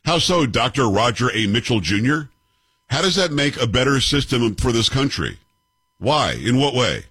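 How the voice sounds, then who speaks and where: Fifties male host, combative and sarcastic, husky lively delivery, dry studio sound. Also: medium pitch, moderate pace, no room sound. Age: 50s. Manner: combative, sarcastic, rhetorical questions. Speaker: commentary show host. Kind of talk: opinionated commentary on clips.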